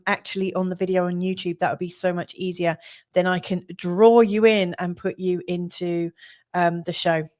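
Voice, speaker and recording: A woman astrologer hosting a live stream, chatting casually with many fillers and frequent laughs. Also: lowish voice. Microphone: studio mic.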